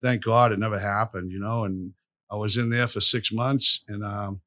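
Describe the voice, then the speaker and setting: A middle-aged man talks in a low, forceful voice. He rambles through his stories bluntly and swears freely, looping back over his own words. It sounds like a relaxed podcast conversation. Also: moderate pace, dry recording, studio quality. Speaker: podcast guest. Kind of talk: casual storytelling conversation.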